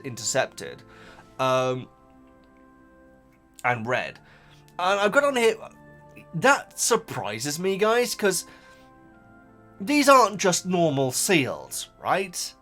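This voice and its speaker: Animated, excitable man talking to viewers. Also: a little high. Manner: chatty, talks straight to viewers, excitable. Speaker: channel host reacting to a book. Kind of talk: casual reaction vlog.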